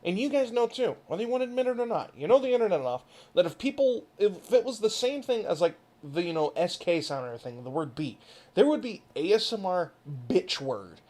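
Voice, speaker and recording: Animated, rambling gaming host with a swinging pitch. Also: brisk. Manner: rambling, profane, animated, frequent laughter. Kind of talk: casual rant over gameplay.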